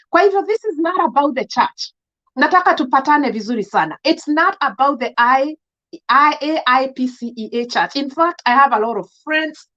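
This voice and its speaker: A woman with a Kenyan accent and a fairly high voice talks straight to her live-stream viewers, emphatic and outspoken. She slides between English and Swahili as she greets people by name. The audio is a little dull and lo-fi, as from a webcam stream. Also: fairly bright tone. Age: adult. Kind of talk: casual live-stream monologue.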